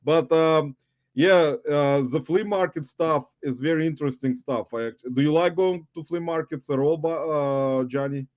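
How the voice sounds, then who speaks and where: A man's voice: a little high, normal speed, a little mellow, no room sound. A man hosting a casual livestream interview, greeting viewers and addressing them as guys. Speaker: livestream host. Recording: dull dry audio.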